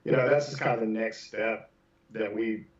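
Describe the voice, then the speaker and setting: Man, casual podcast talk, rambling with fillers, lowish voice, dull echoey distant sound. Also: fairly even intonation, normal speed. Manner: rambling, many "you know" fillers. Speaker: percussion instructor.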